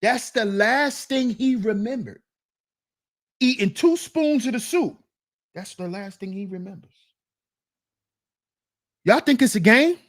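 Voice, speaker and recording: Woman commentator, scolding and sarcastic, higher voice, slow deliberate pacing. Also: lively intonation. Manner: mocking, scolding, repeats lines for emphasis; slips into mock voices of the men she criticizes. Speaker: commentary channel host. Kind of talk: reaction commentary.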